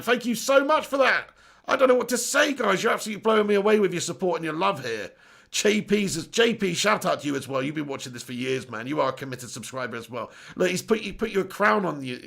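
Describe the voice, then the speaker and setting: Chatty lad with a gravelly voice. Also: male voice, high-pitched, fairly bright tone. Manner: chatty, laughs often, reads out viewer comments. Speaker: YouTube channel host. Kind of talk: casual live-stream chat.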